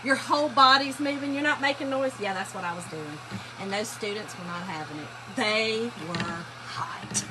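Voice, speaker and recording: This woman speaks at a medium pitch and moderate pace while painting furniture on a casual livestream. She's a chatty storyteller who laughs a lot and calls her viewers "y'all." Sanding and rubbing sounds from the workshop fill the background.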